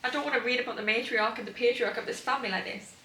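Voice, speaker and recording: Bright, chatty young woman in a roomy room. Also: on the high side, rapid-fire. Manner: chatty and gushing, many fillers, excitable outbursts. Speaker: book vlogger. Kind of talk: casual reading vlog chat. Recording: roomy sound from a distant mic.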